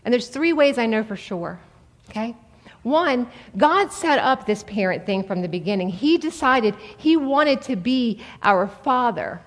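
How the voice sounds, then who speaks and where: A woman in her forties preaching a sermon in a conversational, animated way to an audience in a large hall. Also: on the high side, unhurried. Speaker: speaker at a church. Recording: long reverb of a large hall.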